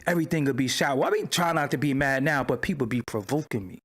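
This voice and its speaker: A man hosting a livestream in casual talk, loud and animated, swinging between excited exclaiming and low muttering. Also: fast. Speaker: livestream host. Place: home studio at his screen.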